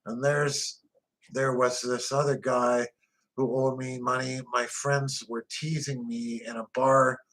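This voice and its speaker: A man's voice: medium pitch, fairly bright tone, poor audio. A man narrating a first-person crime memoir in a blunt, profane, tough-guy way.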